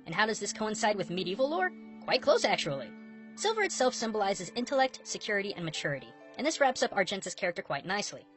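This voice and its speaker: A woman's voice: medium pitch, sing-song, fast. A woman hosting a scripted video, narrating in an upbeat, playful way, with music behind her. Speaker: video host.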